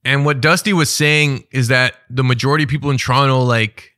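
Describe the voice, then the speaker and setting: A man hosting a podcast, asking questions in a relaxed way, often agreeing with his guest. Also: mid-range voice, a little fast, no echo, clean studio sound. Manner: relaxed, agreeable, frequent backchannels. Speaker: podcast host. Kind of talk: casual podcast interview.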